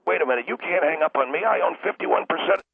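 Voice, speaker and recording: A man's voice: on the high side, expressive, fast, creaky, slightly rough, no room sound, pitched above the performer's own voice, full character voice. A man voicing a pompous, whiny station co-owner who lectures and rambles defensively over a phone. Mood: lecturing. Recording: tinny phone line.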